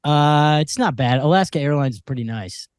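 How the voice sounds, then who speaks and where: A man's voice: a little high, animated, normal speed, clean tone, dry recording, clean studio sound. A man co-hosting a comedy podcast, chatting casually in a laid-back way. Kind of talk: casual chat. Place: podcast studio.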